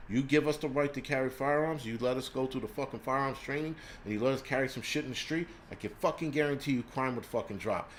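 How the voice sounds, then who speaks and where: A man hosting his own vlog, telling stories and ranting in a profane, animated way. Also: mid-range voice, a little hiss or hum. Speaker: prepper channel host.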